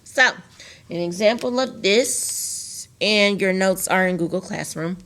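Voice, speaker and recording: A woman teacher giving a recorded virtual phonics lesson, patient and repetitive, slowly drawing out words for her students. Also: mid-range voice, fairly bright tone. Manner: patient, repeats key phrases and stretches words out for students.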